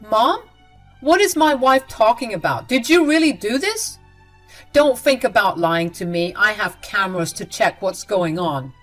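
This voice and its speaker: Woman playing an angry young husband, loud and stern, voice jumps around a lot. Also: medium pitch, expressive, a little slow, soft background music, natural voice. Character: angry young husband defending his wife.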